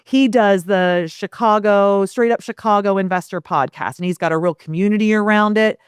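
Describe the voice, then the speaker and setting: Lively woman guest on a podcast, smooth clear voice, dry sound, acts stuff out. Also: mid-range voice, moderate pace, no room sound. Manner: energetic, animated, acts out quoted lines. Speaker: guest, property management founder. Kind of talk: casual interview chat.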